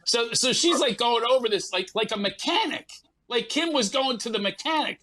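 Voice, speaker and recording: A man, a comedian guest, telling a story in an animated way and acting out other people's lines in quick bursts. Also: very high voice, low-quality recording.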